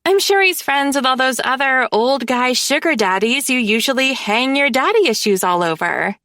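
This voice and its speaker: A woman's voice: sits high, animated, moderate pace, sharp tone, dry recording, studio quality, pitched above the performer's own voice, full character voice. A woman voicing a bratty, sarcastic twenty-year-old mafia sister who mocks and gushes in a fake sweet tone. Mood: snarky. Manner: snarky, mocking, gushing.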